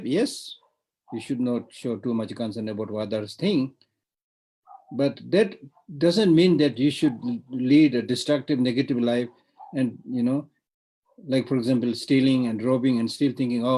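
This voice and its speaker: Husky-voiced Tibetan man teaching dharma. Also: medium pitch, a little slow, warm tone, rough recording. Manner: discursive, repeats words, frequent "you know". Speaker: Buddhist teacher.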